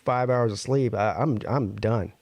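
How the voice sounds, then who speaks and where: A man's voice: mid-range voice, measured pace, darkish tone, dry recording. A man in his forties co-hosting a live stream, talking in a tired, laid-back way, worn out and yawning. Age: 40s. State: exhausted, yawning. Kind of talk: casual chat.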